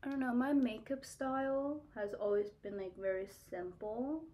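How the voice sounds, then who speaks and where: A woman's voice: a little high, moderate pace, dark tone, a little hiss or hum. A young woman from Kansas, a beauty vlogger who chats bluntly while doing her makeup and fills her talk with "like" and laughs. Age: young adult. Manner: blunt, chatty, filler-heavy, laughs often.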